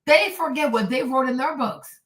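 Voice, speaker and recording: A woman's voice: high-pitched, expressive, normal speed, fairly bright tone. A woman hosting a commentary show, reacting to clips with indignant, mocking sarcasm. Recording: echoey room, distant mic.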